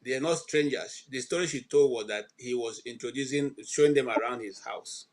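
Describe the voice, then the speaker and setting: A man hosting and moderating a debate, cutting in to calm things and steer. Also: medium pitch, a little fast, background noise. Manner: calming, interjects to steer. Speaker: host.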